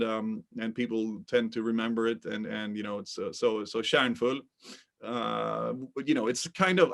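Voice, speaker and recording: A man from Sweden, a company co-founder answering interview questions in a halting way, often repeating words before he finds them. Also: on the low side, vocal fry.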